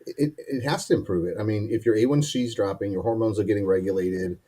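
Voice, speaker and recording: An easygoing man from Ohio co-hosts a relaxed live-stream chat and talks plainly. His low voice is mellow and a little husky. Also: fast talker. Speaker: co-host.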